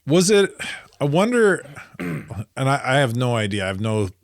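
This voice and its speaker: A man's voice: medium pitch, big pitch swings, normal speed, gravelly, no room sound, studio quality. A man co-hosting a movie podcast, thinking aloud with hesitant, trailing remarks and frequent laughs. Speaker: podcast co-host. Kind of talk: casual movie review chat.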